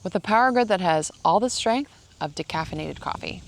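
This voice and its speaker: Low-pitched woman vlogger, casual sarcastic monologue recorded outdoors. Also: lively intonation, fairly quick. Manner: sarcastic, joking rant. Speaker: ranch vlogger. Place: outdoors in the shade.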